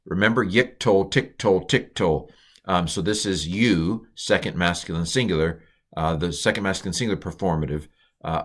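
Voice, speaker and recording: Low-voiced man teaching a casual lesson. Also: a bit bright. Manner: casual, thinking aloud with many fillers and restarts; slows and stretches words when pronouncing Hebrew. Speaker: Hebrew teacher. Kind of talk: informal recorded language lesson.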